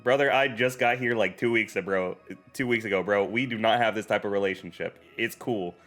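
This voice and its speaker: A male streamer gives loose, excitable commentary over a video game, cracking jokes and swearing as he reacts. Faint game music plays underneath his voice. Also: on the low side, brisk. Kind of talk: casual gameplay commentary, reading dialogue aloud.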